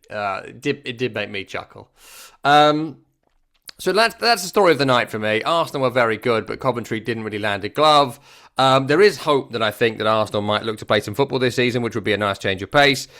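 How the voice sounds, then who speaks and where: On his football podcast, this host gives a laid-back, wry rundown of a match, repeating phrases to drive points home. He is used to working on a microphone, and his voice is mid-range and fairly bright.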